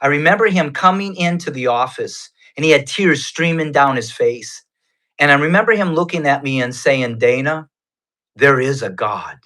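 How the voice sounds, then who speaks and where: With a sharp, expressive voice pitched on the high side, a male guest tells of his personal faith. The retelling is earnest, chatty, and never rushed.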